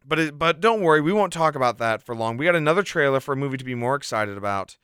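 A man hosting a casual podcast, chatting and reading out news in an animated way, with plenty of "like". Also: medium pitch, quick pace, smooth, dry recording, studio quality. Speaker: podcast host.

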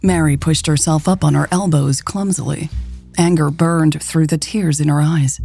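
A woman narrating a romance story in a calm, even storytelling voice. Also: low-pitched, normal speed, creaky, slightly rough, soft background music. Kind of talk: scripted audiobook narration.

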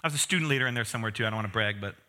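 A man's voice: on the low side, rapid-fire, sharp tone, a little hiss or hum. A man in his thirties preaching a conversational sermon, with self-deprecating humor and asides to the congregation. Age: 30s. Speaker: pastor.

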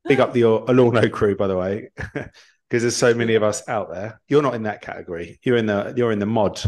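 Man, lowish pitch, upbeat, casual podcast chat. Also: fairly quick, a little mellow. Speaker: podcast co-host.

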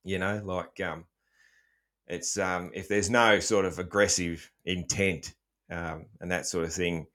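A man's voice: sits low, steady tone, measured pace, bright, forceful tone. A middle-aged Australian man hosting a casual chat, joking around and swearing freely, with plenty of ums. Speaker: podcast host.

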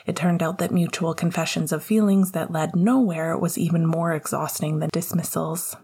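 Breathy whispering woman reading a story. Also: lowish voice, steady tone. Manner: soft, slow and hushed. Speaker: audiobook reader.

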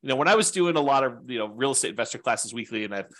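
A man's voice: medium pitch, lively intonation, racing, a bit bright. Rambling male real estate instructor. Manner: conversational and rambling, with frequent fillers and asides. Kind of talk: informal class lecture.

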